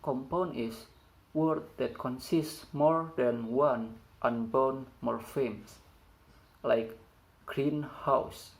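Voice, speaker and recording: A young man whose first language is Indonesian, reading a classroom presentation carefully and slowly, stumbling now and then over his phrasing. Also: medium pitch, fairly even intonation, gravelly, low-quality recording. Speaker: student presenter.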